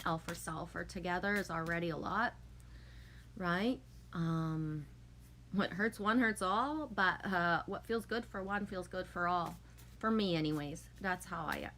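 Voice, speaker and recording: A woman with a fairly low voice hosts a casual livestream. She chats with her audience and answers their comments in a warm, emotional way. A faint background noise sits under her voice. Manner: chatty, emotional, reads and answers viewer comments. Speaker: livestream host. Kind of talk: casual chat with a live audience.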